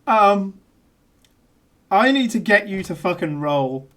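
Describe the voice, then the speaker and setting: A man's voice: sits high, animated, slow, a bit bright. Brief: man running a tabletop game, casual, profane, filler-heavy narration. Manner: swears a lot, rambling with fillers. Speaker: game master.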